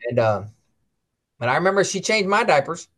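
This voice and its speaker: Animated man telling family stories. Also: sits high, fairly quick. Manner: storytelling, acts out quoted voices; reads catechism passages aloud. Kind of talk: casual religious chat.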